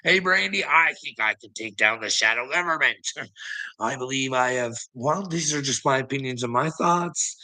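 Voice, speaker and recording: A man's voice: medium pitch, lively intonation, normal speed, bright, forceful tone, low-quality recording. A man rambling casually to his livestream chat, swearing a lot and chuckling often between phrases. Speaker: livestream host talking to chat.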